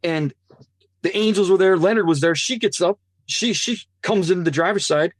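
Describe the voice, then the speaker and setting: Animated man with a higher voice. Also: normal speed, dry recording, clean studio sound. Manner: earnest, animated, acts out quoted voices. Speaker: interview guest. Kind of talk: personal testimony storytelling.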